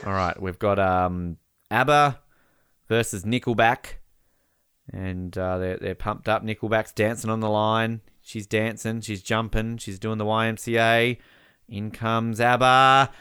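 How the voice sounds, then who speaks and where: A man co-hosting a podcast, chatting casually over a live match and breaking into excited shouts at big moments. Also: fairly low pitch, unhurried, smooth, no room sound, clean studio sound. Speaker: podcast co-host. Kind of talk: casual live-watch commentary.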